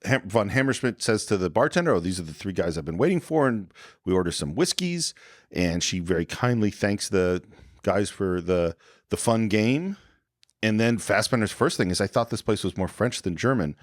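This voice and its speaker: A man talks through a film scene on a podcast, retelling it beat by beat and now and then speaking the characters' lines himself. His voice sits on the low side but rises and falls with lively swings. The sound is dry and close, with no room around it. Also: normal speed, no room sound. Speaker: podcast co-host. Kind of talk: casual film discussion.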